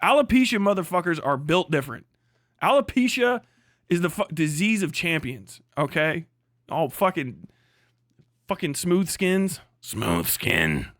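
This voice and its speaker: A high-voiced male streamer lets loose a blunt, expletive-packed rant on his livestream, expressive and at a normal speed. The mic sits close and dry, capturing a fairly bright tone with no echo or room sound at all.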